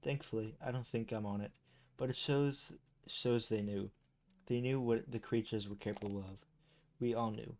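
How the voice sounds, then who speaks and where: Lowish and darkish, with fairly even intonation at a moderate pace, this man's voice carries him through game lore read aloud. He frequently trips over words and restarts, breaking away for chatty, self-deprecating commentary.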